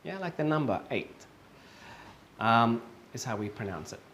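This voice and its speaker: Slow, patient male English teacher. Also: medium pitch, big pitch swings, a bit bright, slight background noise. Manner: patient, repeats each word slowly for learners; frequent fillers and self-corrections. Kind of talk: online pronunciation lesson.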